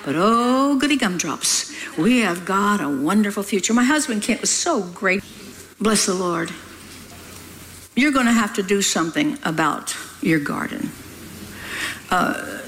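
A woman's voice: medium pitch, lively intonation, normal speed, fairly bright tone, rough recording. An older woman preaching a sermon in a folksy, emphatic way, scolding her listeners with humor.

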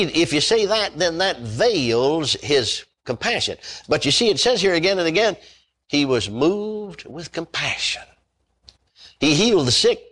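A man's voice: mid-range voice, a bit bright, slightly rough. A man preaching a sermon, reading scripture aloud and then expounding on it with emphatic repetition and exclamations of praise.

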